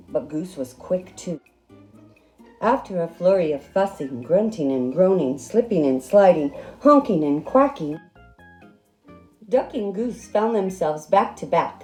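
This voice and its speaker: A woman's voice: lowish voice, unhurried, roomy sound, faint music behind. Woman reading a picture book aloud. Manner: expressive, playful storytelling. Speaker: narrator. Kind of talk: storybook read-aloud.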